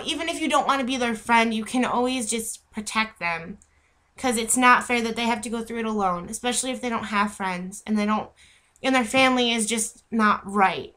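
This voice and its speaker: Bright-voiced young woman ranting heatedly. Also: fairly high pitch. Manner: heated, rambling, self-interrupting, apologizes for repeating. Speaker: vlogger. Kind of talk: unscripted rant to camera.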